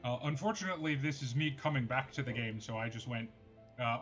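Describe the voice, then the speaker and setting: A man's voice: medium pitch, fast, fairly bright tone, highs cut off, faint music behind. A man playing a game with friends, asking puzzled questions about what he sees. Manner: puzzled questions, reads game text aloud. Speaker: stream co-player. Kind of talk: casual chat over voice call.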